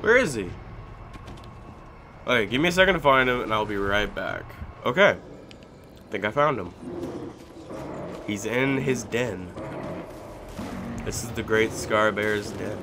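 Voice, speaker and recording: A young man giving let's play commentary on a game, excitable and pleading loudly with his in-game pet bear. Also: lowish voice, unhurried, long pauses, background noise. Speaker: gaming YouTuber.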